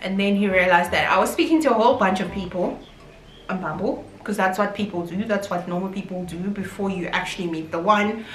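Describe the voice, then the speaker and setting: A young South African YouTuber with a South African accent tells a storytime vlog, chatting expressively to viewers at a slightly quick pace in a mid-range voice. There's a little hiss or hum, a roomy echo and faint music in the background.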